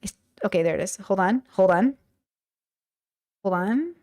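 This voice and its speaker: A woman's voice: medium pitch, animated, a little slow, darkish tone. A woman streamer chatting casually with her viewers, joking and laughing often. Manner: giggly, jokey, talks to chat. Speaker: streamer reacting to videos. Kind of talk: casual livestream chat.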